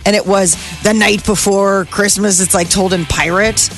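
A woman's voice: medium pitch, steady tone, normal speed, fairly bright tone, faint music behind. A woman co-hosting a morning radio show, chatting playfully and laughing along with the hosts. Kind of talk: casual morning radio banter.

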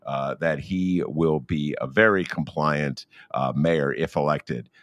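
A man hosting a political talk show, emphatic and halting, with many fillers. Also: extremely low pitch, a bit bright, dry recording. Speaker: radio host.

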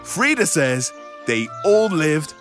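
Animated male storyteller for children. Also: on the high side, takes it slowly, over music. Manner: animated, speaks to young listeners.

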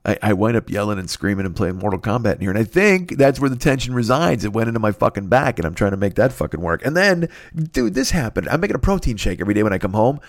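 A man's voice: lowish voice, sing-song, fast talker, vocal fry, no echo, clean studio sound. Profane, rambling man telling a story. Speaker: podcast host. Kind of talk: casual storytelling monologue.

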